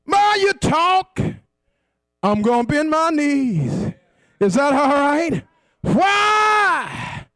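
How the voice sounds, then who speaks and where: A male preacher, delivering a sermon in a whooping, sing-song cadence, often shouting and asking the congregation for response. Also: very high-pitched, big pitch swings, drawn-out words, pauses often, dry recording.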